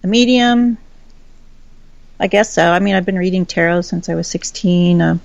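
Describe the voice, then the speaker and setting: A woman from Texas chats as a guest, telling stories briskly and slipping into little voices for the people she quotes. Her voice sits low with a gravelly fry. The sound is dry and dull, like lo-fi call audio. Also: no room sound. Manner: chatty storyteller, laughs often, acts out quoted voices. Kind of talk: casual chat.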